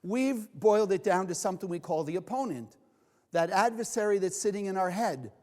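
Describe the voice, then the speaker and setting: A man's voice: high voice, fairly quick, big-room sound. A man teaching Kabbalah to a live audience, asking them questions and acting out the voices in people's heads. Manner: animated, acts out inner voices, asks the audience questions.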